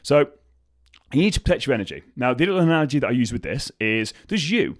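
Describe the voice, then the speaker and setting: A man's voice: medium pitch, fast, no room sound. A young man hosting a podcast, talking casually and swearing freely as he gives motivational advice. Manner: swears freely, animated storytelling with acted quotes. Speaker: podcast host.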